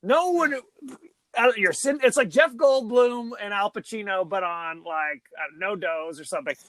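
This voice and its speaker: A man co-hosting a podcast in casual chat, animated, often mocking actors' line readings. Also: high voice, normal speed, dry recording. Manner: animated, mocks line readings with exaggerated impressions. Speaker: podcast co-host.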